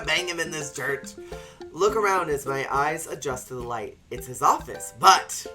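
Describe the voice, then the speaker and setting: A streamer playing a dating game who jokes around and reads the game text aloud in an animated way, with game music behind. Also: mid-range voice, normal speed. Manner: playful, joking, animated reading. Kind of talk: let's play commentary and reading game text aloud.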